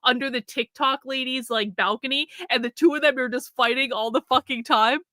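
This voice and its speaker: Bright-voiced woman mocking on a livestream. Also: sits high, steady tone, a little fast, dry recording, clean studio sound. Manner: crude, mocking asides. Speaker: livestream host. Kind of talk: casual livestream commentary.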